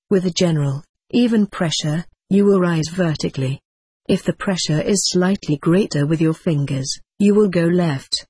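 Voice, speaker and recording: A reader voicing a calm woman guide who patiently teaches a man to fly. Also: mid-range voice, breathy edge, no room sound, close to an everyday voice.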